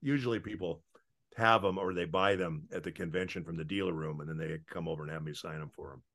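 A man, a voice actor, rambles through anecdotes in casual interview chat, with many filler pauses. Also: low voice, a bit bright. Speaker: voice actor guest.

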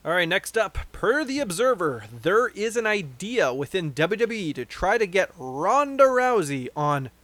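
A man's voice: sits high, big pitch swings, measured pace, few pauses, a bit bright, no echo. A man co-hosting a casual chat show, reading news items and laughing along with the others. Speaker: podcast co-host reading news.

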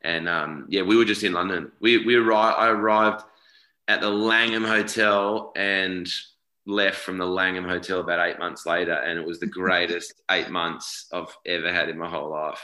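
A man's voice: deep voice, fairly even intonation, moderate pace, sharp tone, echoey room, low-quality recording. A man in his forties with an Australian accent, chatting loosely as an actor being interviewed, often repeating and correcting himself. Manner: rambling, self-correcting, repeats words. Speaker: actor guest. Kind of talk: casual interview chat.

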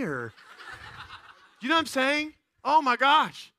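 A man preaching a sermon in an animated way, swinging from loud excited bursts to quiet earnest stretches and playfully acting out the people he quotes. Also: very high-pitched, unhurried, long pauses, no room sound. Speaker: pastor.

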